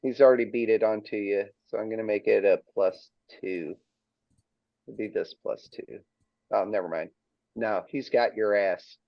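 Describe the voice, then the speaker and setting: A man's voice: on the low side, steady tone, moderate pace, vocal fry, no room sound, lo-fi sound. A man running a tabletop game as dungeon master, casual and matter-of-fact, laughing with his players.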